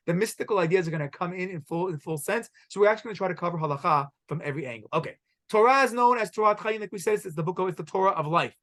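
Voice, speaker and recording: A man's voice: sits high, fairly bright tone. A middle-aged man teaching a halacha class as a rabbi, energetically quizzing students and saying Hebrew words with an Israeli pronunciation. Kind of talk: classroom lecture with questions to students.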